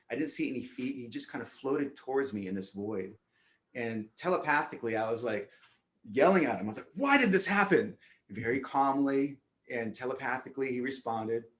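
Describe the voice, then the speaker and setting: A man shares a personal spiritual experience in an earnest, vivid way, often restarting his sentences as he goes. His voice sits at a middling pitch. The room around him adds a noticeable echo. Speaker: panelist. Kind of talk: spiritual storytelling in a round-table discussion.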